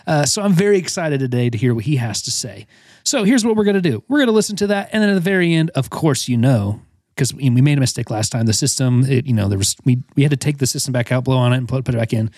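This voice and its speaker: A man co-hosting a kids' comedy podcast in a goofy, excitable way. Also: mid-range voice, fast, dry recording, studio quality. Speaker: podcast co-host.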